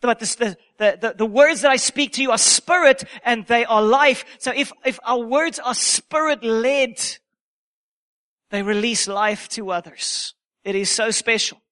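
A man's voice: very high-pitched, measured pace, pushed and bright. A man preaching a sermon, emphatic and repeating key phrases for effect.

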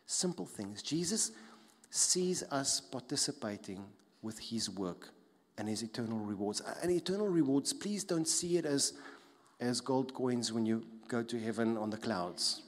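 Pastor in an echoing hall. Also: male voice, medium pitch, animated, moderate pace. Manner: emphatic, repeats key phrases, drops soft for stress. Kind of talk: sermon. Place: church hall. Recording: long hall reverb.

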